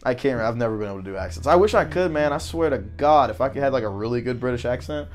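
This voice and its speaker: A man's voice: medium pitch, expressive, quick pace. A young man from the US South co-hosting a student podcast, joking and laughing often in casual banter. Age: young adult. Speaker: podcast co-host. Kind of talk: casual chat.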